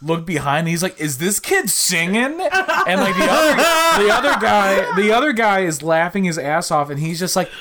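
A man's voice: high-pitched, animated, moderate pace, few pauses, sharp tone, slight background noise. A young man co-hosting a podcast, chatting casually and laughing easily. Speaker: podcast co-host. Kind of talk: casual chat.

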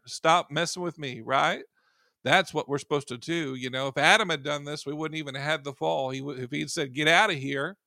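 A man's voice: a little high, creaky, fairly bright tone, no room sound, clean studio sound. A man preaching an informal sermon in a conversational way, full of "you know" asides and sudden emphatic rises.

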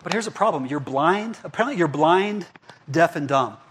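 A man's voice: a little high, animated, moderate pace, breathy edge. A male pastor preaching a casual, conversational sermon, often checking in with "right?" and "okay?". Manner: chatty, asks the crowd "right?" and "okay?".

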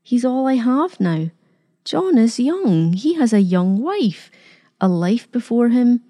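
A woman's voice: fairly high pitch, very animated, slow pace, warm tone, voice pushed up, exaggerated voice. A woman doing a defiant old grandmother. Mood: pleading. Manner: defiant, pleading, trembling. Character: proud, fiercely loving old grandmother.

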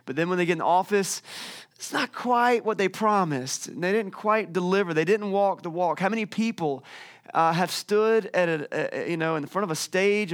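A male pastor preaching a sermon from a church stage, telling stories in a lively way with frequent restarts. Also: on the high side. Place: church stage with a screen behind him.

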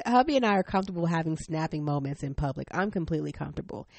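A middle-aged woman hosting a parenting podcast, telling a family story in a frank, animated way, laughing often. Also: deep voice, fast talker, vocal fry, no echo. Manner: stern, frank. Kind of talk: personal storytelling.

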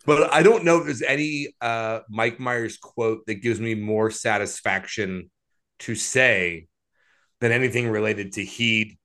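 A man co-hosting a podcast, teasing his friends in quick, jokey banter. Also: lowish voice, sharp tone. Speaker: podcast co-host. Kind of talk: casual banter.

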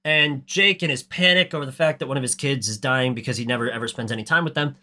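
A man's voice: mid-range voice, fast talker, bright, forceful tone. A man co-hosting a podcast, recapping a movie in casual chat with a ranty, profane, sarcastic manner. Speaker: podcast co-host.

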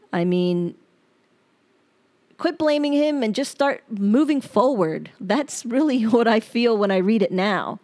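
A woman's voice: fairly high pitch, lively intonation, unhurried, a little mellow. A woman hosting her own podcast, talking in a candid, reflective and rambling way. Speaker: podcast host. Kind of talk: personal podcast monologue.

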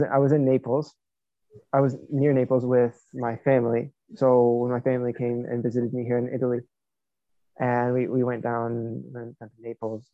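A man's voice: mid-range voice, dark tone, no room sound, muffled recording. A man, a Franciscan friar, talking casually as a guest and leaning on "like" a lot. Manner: talkative, peppers speech with "like". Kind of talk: casual conversation. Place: Italy.

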